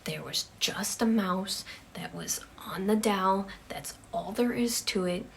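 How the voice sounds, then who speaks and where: A woman voicing a brave, level-headed young girl who speaks calmly and reassuringly in a spoken ghost story. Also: mid-range voice, slow pace, slight background noise. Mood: steady.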